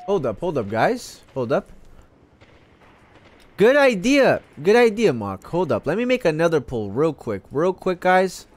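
A man streaming a live video game session, chatting to viewers in an excitable, constantly swearing way. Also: fairly high pitch, measured pace. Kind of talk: casual live gaming commentary.

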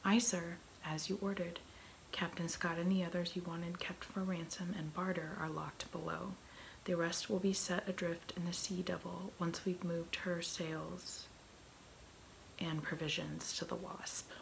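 耳语角色扮演：一位女性低声扮演一个热心又糊涂的男海盗大副，嗓音低而沙哑。. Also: female voice, fairly low pitch, little pitch movement, unhurried, gravelly, a little hiss or hum, rough recording. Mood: eager. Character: eager dim-witted male pirate mate. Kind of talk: whispered role-play.

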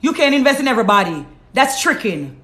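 A woman's voice: a little high, very animated, fast talker, a bit bright. Blunt Jamaican woman host, roomy echo. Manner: blunt, preachy, reads out viewer comments. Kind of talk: live-stream talk.

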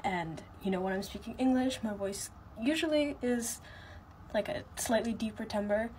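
A woman chats in an amused, expressive way. Her voice is slightly high, with a faint hum of room ambience behind it. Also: normal speed. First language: Russian. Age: 20s. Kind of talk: casual selfie-video chat.

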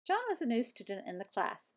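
An older woman reads a children's chapter book aloud. Her voice sits fairly high and moves a lot, and her read-aloud style is animated and expressive. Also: brisk. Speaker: storyteller.

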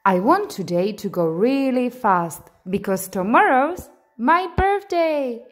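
A woman's voice: a little high, lively intonation, takes it slowly, soft background music, voice pushed up. Woman voicing an eager little bunny boy. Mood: impatient. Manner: whiny, breathless pleading. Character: impatient young male bunny, bouncy and eager. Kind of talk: storybook reading.

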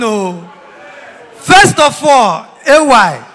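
High-voiced Nigerian Pidgin comedian in a hall. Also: male voice, animated, unhurried. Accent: Nigerian Pidgin English. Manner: loud, teasing crowd banter with sudden shouts. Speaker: stand-up comedian. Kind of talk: live stand-up comedy. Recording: reverberant hall sound.

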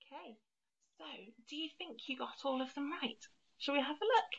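A woman leads an online music lesson for young children, counting rhythms aloud and punching each first beat. Her voice sits a little high with a gravelly edge. The recording sounds dull and lo-fi. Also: normal speed. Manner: encouraging, counts beats aloud with strong emphasis.

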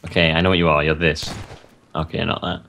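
A man's voice: extremely low pitch, level tone, fairly quick, vocal fry, a bit bright, slight background noise. A man joking and teasing friends in casual gaming banter.

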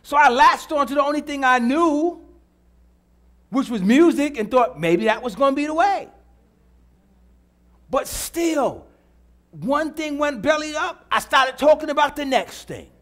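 A middle-aged man preaches from the pulpit in a high voice for a man. His pitch swings widely as he builds, and he keeps repeating key lines and asking the congregation if they are listening. The delivery is a conversational sermon that climbs toward emphatic peaks. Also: expressive, unhurried, long pauses, fairly bright tone. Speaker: pastor. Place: church.

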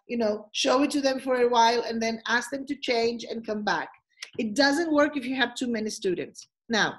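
A woman teacher trainer leading an online webinar over a video call, giving lively, encouraging instructions. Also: on the high side.

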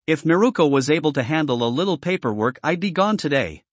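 A man's voice: fairly high pitch, expressive, fast talker, no room sound. A man voicing a confident teenage girl who scolds her friend.

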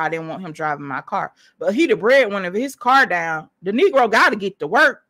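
A woman tells a story in a casual monologue, animated and emphatic, often addressing her listeners directly. Her voice is bright and forward at an ordinary pitch. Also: moderate pace. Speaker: vlogger telling a personal story.

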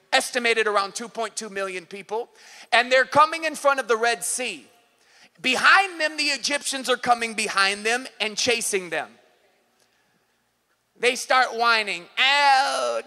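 A man with a Californian accent preaches a sermon in a very high voice. His tone is bright and ringing, and he keeps pushing into loud, impassioned shouts as he acts out scenes for the congregation. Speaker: pastor. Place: church service.

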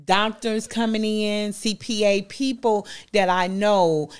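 A woman's voice: medium pitch, fairly even intonation, slow pace, clean tone. A woman with a Southern US accent, a boutique owner talking in a folksy, chatty way as a guest in an interview. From Southern United States. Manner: chatty, folksy, peppered with "you know". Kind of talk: casual interview chat.

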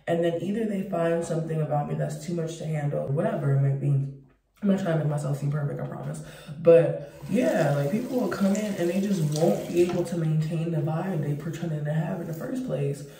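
A woman vlogger chatting casually to camera in an animated, profane way. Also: sits low, fairly quick, a little hiss or hum. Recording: roomy, distant mic.

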